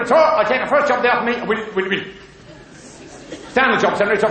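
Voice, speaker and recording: A man's voice: high-pitched, fast talker, pauses often. A man doing a bawdy stand-up routine, telling jokes and slipping into character voices before a live audience. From England. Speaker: stand-up comedian. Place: live comedy venue. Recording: echoey live venue with loud crowd laughter. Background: audience laughing.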